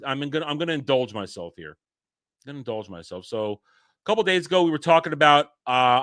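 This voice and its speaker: Bright-voiced man rambling on a stream. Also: medium pitch, no room sound, clean studio sound. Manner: rambling, self-interrupting, chuckles often. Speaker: streamer host. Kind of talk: casual livestream chat.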